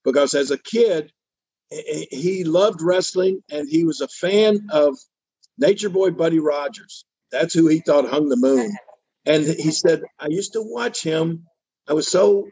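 Older guy w a husky voice, kinda high, telling an animated story, dull dry sound. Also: unhurried, dry recording. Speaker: interview guest. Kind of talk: casual storytelling.

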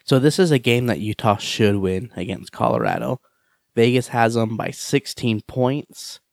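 Host: man, mid pitch, steady segment-leading delivery, sports talk, dry mic. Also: unhurried, creaky, dry recording.

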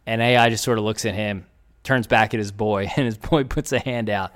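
A man's voice: on the low side, brisk. A man, telling a story in casual podcast chat and acting out the voices of people in it. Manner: animated storyteller, acts out quoted voices.

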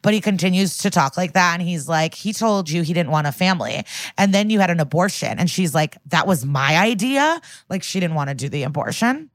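On a podcast, a woman co-host casually recaps an episode of a TV crime show, her voice on the low side and her pace quick in a dry recording. She tells it in an animated way, acting out the characters' lines and using lots of fillers.

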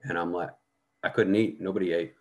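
Deep-voiced blunt middle-aged man. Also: fairly even intonation, brisk, darkish tone, dull audio. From United States. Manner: heavy swearing, blunt, vivid storytelling. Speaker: podcast guest, veteran actor. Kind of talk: casual storytelling conversation.

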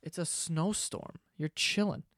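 A man's voice: a little high, a little slow, fairly bright tone, dry recording, clean studio sound. A young man, hosting a podcast as a profane, rambling comedic monologue. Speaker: podcast host.

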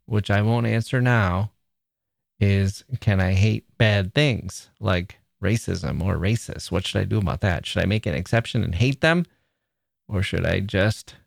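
A man's voice: lowish voice, gravelly, dry recording, studio quality. A man hosting a podcast in an opinionated monologue, exasperated and sarcastic by turns, then questioning himself aloud. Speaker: podcast host.

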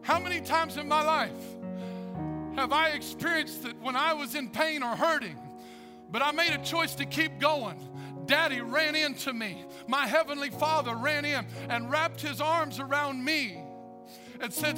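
A man's voice: very high-pitched, measured pace, over music. A man preaching a sermon as pastor, with an emphatic, repetitive cadence.

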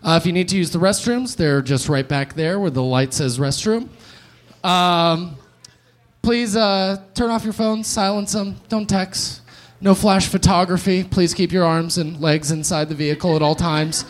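A man's voice: high-pitched, a little slow. Sardonic young male stand-up host. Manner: sardonic, riffing, swearing. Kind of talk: stand-up comedy set. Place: comedy club stage.

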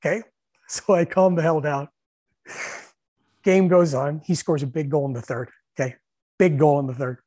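A middle-aged man and former hockey coach telling stories in casual chat, animated, laughing often and acting out what people said. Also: on the high side, moderate pace, long pauses, no echo. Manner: animated storyteller, laughs often, acts out shouted bench calls.

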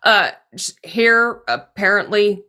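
A woman's voice: mid-range voice, expressive, slow, bright, forceful tone. A woman voicing a blunt male crew soldier who rambles and swears casually. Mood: exasperated.

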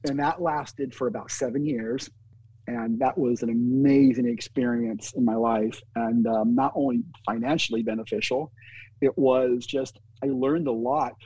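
Husky man telling a lively story. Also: mid-range voice, no room sound, poor audio. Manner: animated storyteller, acts out quotes of others. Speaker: concert promoter and booking agent. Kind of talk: casual storytelling in a podcast interview.

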